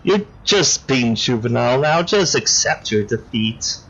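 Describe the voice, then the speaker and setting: A man voicing a blunt male game hero, who answers in flat, deadpan retorts, on a dull lo-fi recording. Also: mid-range voice, unhurried, breathy edge, full character voice.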